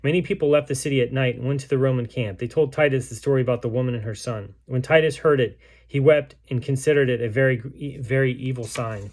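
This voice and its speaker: A man reading a book aloud as narrator, in a measured way with small restarts. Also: mid-range voice, a little mellow. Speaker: storybook reader.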